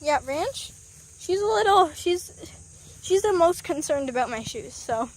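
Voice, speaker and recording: A woman's voice: extremely high pitch, lively intonation, measured pace, darkish tone. A young woman vlogging outdoors at a chicken coop, talking to the camera she holds and coaxing her hens in a chatty, sing-song way. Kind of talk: casual vlog narration. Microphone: handheld camera.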